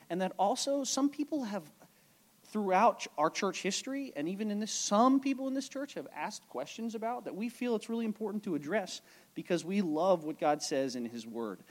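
A male pastor giving a conversational sermon to his congregation, often checking in with the listeners. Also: high voice. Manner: animated, conversational preaching with frequent check-ins.

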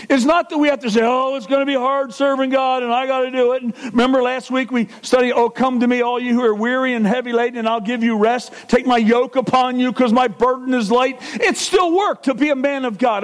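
A man preaching a sermon as pastor, animated and jokey, reviewing a verse with quick asides. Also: very high-pitched. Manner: animated, jokey, with voiced impressions and laughs.

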